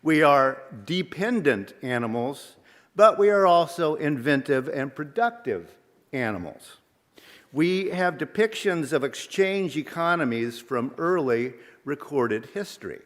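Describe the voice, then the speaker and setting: Guy minister preaching slow and thoughtful, lots of questions, big echoey church. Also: on the high side, a bit bright. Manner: measured, reflective, with rhetorical questions. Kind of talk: sermon. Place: church sanctuary. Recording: long reverb of a large sanctuary.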